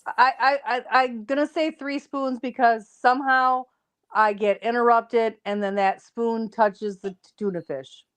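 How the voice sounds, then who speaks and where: A woman's voice: fairly high pitch, steady tone, measured pace, clear, resonant tone. A woman guest on a casual panel chat, speaking in a practical, matter-of-fact way.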